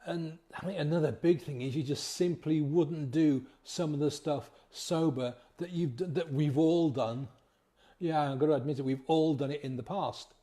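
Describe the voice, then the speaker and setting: A man's voice: a little high, moderate pace, dark tone. Rambling man giving encouragement. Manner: rambling and encouraging, with many restarts and rhetorical questions. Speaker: sobriety coach. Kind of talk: casual motivational talk.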